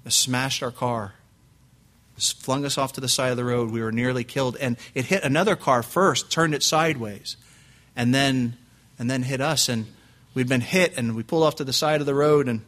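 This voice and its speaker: A male pastor telling a lively personal story, acting out his quotes and restarting his sentences often. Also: medium pitch. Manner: animated anecdote with acted quotes, frequent restarts and laughs. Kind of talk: preaching storytelling.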